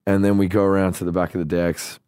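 Low-voiced Australian man telling a story. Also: flat delivery, fast talker, dark tone, clean tone, no echo, clean studio sound. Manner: loose, swearing, acts out quoted voices. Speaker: podcast host. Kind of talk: casual storytelling chat.

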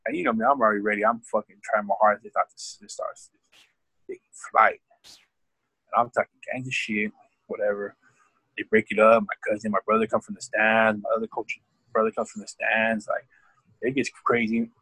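A man telling a rambling, profane story about coaching high school football, speaking in a casual podcast chat. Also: level tone, normal speed, sharp tone, slightly rough, no echo, poor audio. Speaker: podcast guest.

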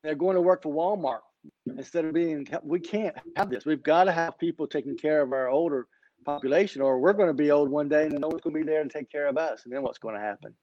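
A man in his fifties tells his founder's story at a brisk clip, animated and energetic. His voice sits a little high. The call audio sounds dry and slightly muffled. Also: no echo. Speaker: company founder and guest. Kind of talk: storytelling in a podcast interview. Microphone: remote online call.

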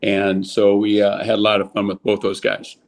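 A man's voice: lowish voice, moderate pace. An older man from California, a former ballplayer, telling anecdotes casually and animatedly, with many restarts. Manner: animated anecdote teller, lots of restarts, voices people in quotes. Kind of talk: casual storytelling.

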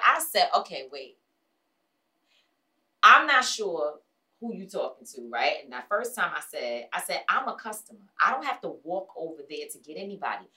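Woman host, casual storyteller; lively, swooping pitch, acts out quotes, swears freely, mic a little distant. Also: moderate pace. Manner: animated, acts out other people's lines in quotes.

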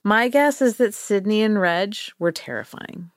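Laughing a lot and performing the voices of the people she quotes, a female podcast co-host tells a story in a playful, casual way. She speaks a little slowly with lively intonation at a medium pitch, in studio-quality audio with no room sound.

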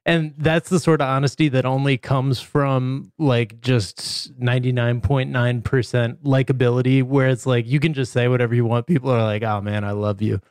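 Male co-host, smooth clear voice, dry close mic, casual banter with quick laughs. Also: mid-range voice, little pitch movement, darkish tone, dry recording. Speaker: podcast co-host. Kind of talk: casual podcast chat.

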